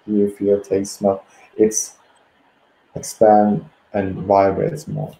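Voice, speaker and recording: A man co-hosting a spiritual talk, speaking in a slow, halting and repetitive way. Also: lowish voice, completely flat delivery, mellow, roomy sound, rough recording. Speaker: co-host. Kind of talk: spiritual teaching conversation.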